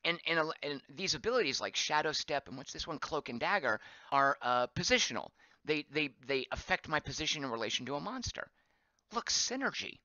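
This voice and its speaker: A man streaming a game live, chatting as he plays, reading viewer comments aloud and thinking out loud, his voice getting hoarse. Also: fairly high pitch, very animated, a little fast, dry recording, lo-fi sound. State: voice going hoarse.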